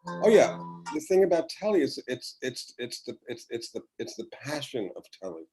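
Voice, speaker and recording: A man's voice: medium pitch, sing-song, normal speed, soft background music, poor audio. Older man telling stories rambly. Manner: rambling, warm storytelling with restarts. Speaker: podcast guest, former children's TV writer. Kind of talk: casual chat.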